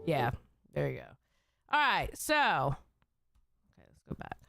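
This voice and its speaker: A woman's voice: low voice, sing-song, slow, gravelly, music in the background. A woman streamer reacting to clips in a chatty way, exclaiming and swearing freely.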